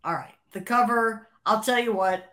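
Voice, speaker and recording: A woman being interviewed, telling an animated story, laughing often and acting out what others said. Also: mid-range voice, moderate pace. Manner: animated, acts out quoted voices, laughs often. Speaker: interview guest, former record label creative executive.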